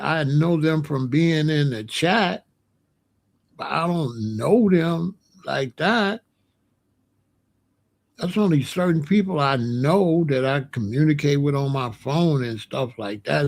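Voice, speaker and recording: A man in his sixties hosting a livestream, chatting casually to his live chat in a slow, repetitive, drawling way. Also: on the high side, vocal fry. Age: 60s. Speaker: livestream host.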